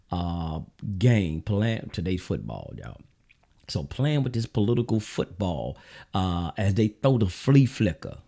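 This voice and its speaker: A Southern US man delivers a blunt, preachy political monologue, talking straight to his viewers. His voice sits low, with a mellow, dark tone. He repeats his points like a street-corner sermon. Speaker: show host.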